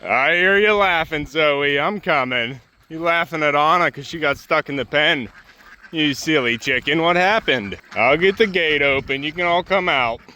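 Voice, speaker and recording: Outdoors on his homestead's farm yard and pasture, a man vlogs casually while coaxing his ducks, geese and turkeys along. His voice is on the high side and sharp-toned, recorded cleanly, at a moderate pace.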